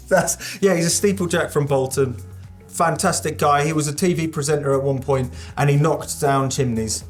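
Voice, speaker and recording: A woman, a musician guest, chatting casually in an interview, self-deprecating and quick to laugh. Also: deep voice, soft background music. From United Kingdom.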